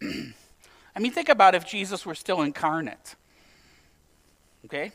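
A man's voice: high voice, big pitch swings, measured pace, a bit bright. A male pastor preaching a sermon in a conversational, lightly humorous way, asking his listeners direct questions.

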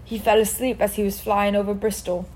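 A woman voicing a huge, soft-hearted bearded male giant with a rough, gentle manner. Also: mid-range voice, little pitch movement, a little fast, close to an everyday voice. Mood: earnest. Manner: rough gentle gruff, tearful at times.

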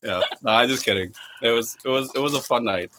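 A young man telling a funny story in casual chat, animated and laughing, with lots of fillers and swearing. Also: medium pitch, quick pace, a little hiss or hum. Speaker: podcast guest storyteller.

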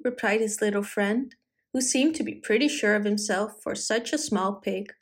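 A woman reading a children's storybook aloud in an expressive, animated manner. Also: medium pitch, normal speed.

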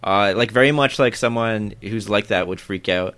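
A man's voice: lowish voice, normal speed, fairly bright tone. A man co-hosting a casual anime discussion, thinking aloud in long rambling turns full of fillers. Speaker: podcast co-host.

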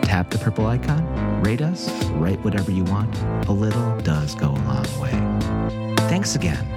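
Male podcast host, very low voice, lively delivery, playful outro over loud music. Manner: playful, mock-grand sign-off. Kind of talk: scripted show outro. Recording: music playing under the voice.

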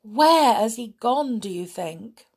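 Woman doing a gentle storybook girl. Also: fairly high pitch, expressive, slow, breathy edge, exaggerated voice. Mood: worried. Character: kind, gentle young girl who loves horses.

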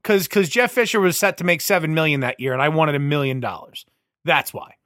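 A man's voice: on the high side, fairly quick, no room sound. A man co-hosting a podcast, making dry jokes in a casual chat. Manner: deadpan jokes, frequent "like" fillers. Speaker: podcast co-host.

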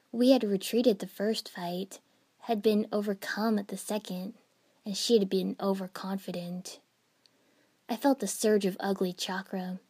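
A woman narrating a first-person fan fiction story in an even storytelling manner. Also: medium pitch, husky.

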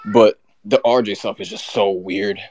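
A man co-hosting, delivering a rapid, heated, run-on sports rant. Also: on the low side, fairly even intonation, a little mellow, no room sound. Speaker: co-host.

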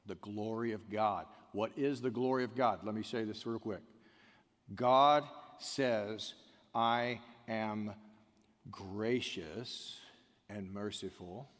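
A man preaching a sermon, swinging from quiet, intimate passages to loud, shouted emphasis. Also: fairly low pitch, slow. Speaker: pastor. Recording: long hall reverb.

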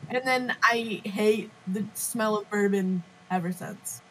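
A woman's voice: mid-range voice, takes it slowly, background noise. A teenage girl chatting casually on a school club podcast, playful and teasing, giggling easily. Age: teens. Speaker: anime club member.

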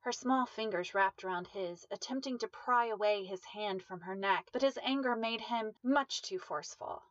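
Woman reading a dark story out loud, measured, dull dry sound. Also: medium pitch, dry recording. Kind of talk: reading a dramatic story aloud.

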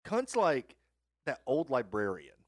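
A man's voice: mid-range voice, huge pitch swings, slow pace, no echo, studio quality. A man co-hosting a comedy podcast, chatting casually and swearing freely. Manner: laid-back, swearing freely. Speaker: podcast co-host.

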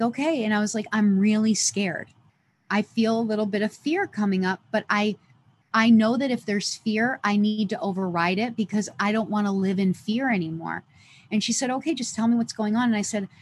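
A woman's voice: medium pitch, slight background noise. A woman who is a podcast guest, earnestly telling an emotional personal story and acting out the dialogue as she goes. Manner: earnest, lively retelling with quoted dialogue.

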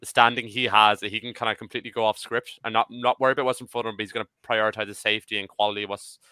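A man of about thirty chatting as a podcast panelist, excitable and swearing casually. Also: lowish voice, rapid-fire, clear, resonant tone, dry recording. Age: 30s. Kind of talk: casual chat.

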